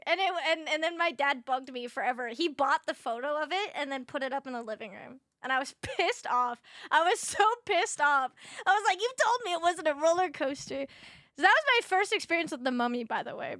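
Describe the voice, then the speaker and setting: A young woman streamer telling an animated story in casual chat, swearing freely. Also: sits high, no echo. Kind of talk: casual chat while gaming.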